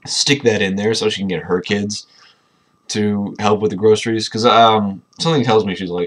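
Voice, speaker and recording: A man with a low, slightly husky voice reads a book aloud in a casual, unpolished way. He keeps stopping to poke fun at the text with dry, sarcastic remarks. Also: steady tone, normal speed. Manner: sarcastic, mocking asides. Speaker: reader commenting on a book. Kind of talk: casual dramatic reading with commentary.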